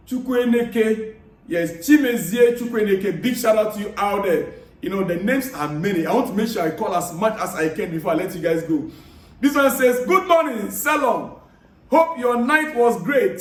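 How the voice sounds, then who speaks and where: A man vlogging about football news, chatting casually and giving friendly, repetitive shout-outs while reading viewer comments aloud. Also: sits high. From Africa. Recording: echoey room, distant mic.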